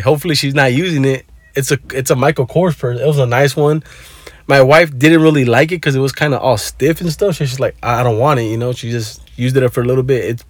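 A man's voice: mid-range voice, dry recording. Laid-back cussing guy on a phone. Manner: profane, laid-back, mixes in Spanish words. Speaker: vlogger. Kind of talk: casual rambling story.

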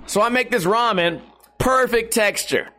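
A man in his thirties with a fairly high voice rambles through a casual vlog. He swears freely, laughs at himself a lot and keeps up a crude, self-mocking streak. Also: a little slow, bright, forceful tone. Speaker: vlogger.

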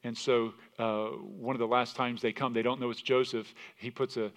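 A male pastor preaches a sermon, telling stories animatedly and restarting his sentences again and again. His voice is mid-range and his pace moderate.

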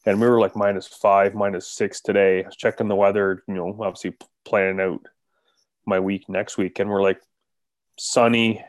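Low-pitched man, dry studio sound, easygoing co-host. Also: little pitch movement, normal speed, no echo. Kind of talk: casual podcast chat.

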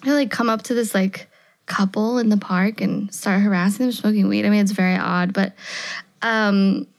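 Twenties American woman, casual rambling storyteller, mid-pitched, lots of fillers and quoted dialogue. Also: fairly even intonation, normal speed, vocal fry. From United States. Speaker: storyteller guest. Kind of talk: casual chat.

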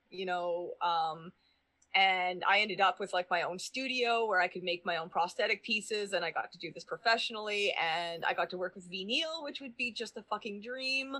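A woman's voice: lowish voice, normal speed, sharp tone. A woman chatting casually as a podcast guest, rambling with lots of "um" and "like" and swearing freely. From Canada.

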